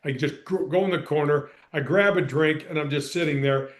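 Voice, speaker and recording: Man, high-pitched voice, middle-aged, emphatic storyteller, podcast guest. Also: fairly quick. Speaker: podcast guest, former pro golfer and radio host. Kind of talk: animated storytelling in conversation.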